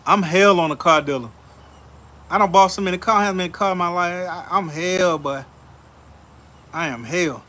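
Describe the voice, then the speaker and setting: A man hosting a casual show, telling stories in an animated, laughing, slangy way, outdoors on a back porch. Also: high voice, normal speed, long pauses. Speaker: show host. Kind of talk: casual storytelling chat.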